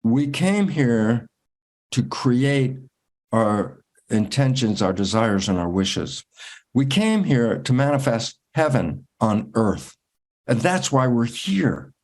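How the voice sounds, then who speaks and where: A man, a guest in an interview, telling stories in a lively way and acting out his own inner dialogue with big swings in pitch. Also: takes it slowly. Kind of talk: conversational storytelling.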